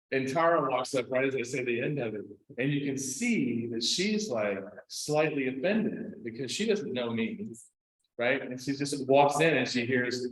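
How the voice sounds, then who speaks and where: A man teaching a class, telling stories in a loose, chatty way with lots of fillers and quick "right?" asides. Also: mid-range voice, fairly bright tone. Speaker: meditation and scripture teacher. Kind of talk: casual class talk with storytelling. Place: teaching room. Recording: very echoey room.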